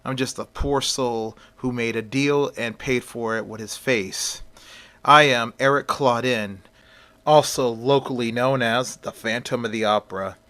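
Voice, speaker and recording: A man voicing a brooding masked phantom with a low threatening delivery in a fan story. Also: unhurried, bright, forceful tone. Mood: solemn.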